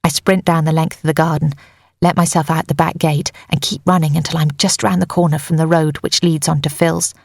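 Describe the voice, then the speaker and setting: Husky, gravelly woman narrating a thriller. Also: sits low, steady tone, a little fast, dry recording, clean studio sound. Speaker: audiobook narrator. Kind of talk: first-person scripted narration.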